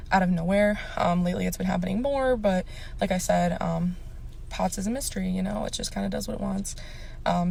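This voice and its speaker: A woman's voice: fairly low pitch, creaky, darkish tone, slight background noise. A young adult woman vlogging casually to camera, rambling with lots of "um"s and "like"s. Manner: rambling, many "um"s and "like"s. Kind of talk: casual vlog talk to camera.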